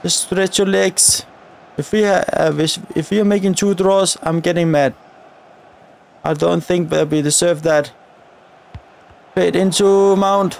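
A man's voice: high voice, steady tone, moderate pace, creaky, a little hiss or hum. A man giving live, chatty commentary over a football video game as a gaming video creator, grumbling at the referee and his players.

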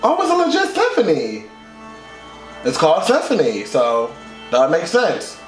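A man's voice: fairly high pitch, wildly swooping pitch, measured pace. A man reacting to a music video in casual commentary, flamboyant and profane, gasping and close to tears. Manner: flamboyant, sassy and profane, with gasps and squeals. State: emotional, near tears. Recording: echoey room with music playing behind.

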